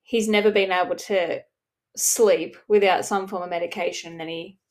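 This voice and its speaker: A woman's voice: on the low side, fairly even intonation, normal speed. Enthusiastic woman laughing through book chat. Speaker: podcast co-host. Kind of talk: casual chat.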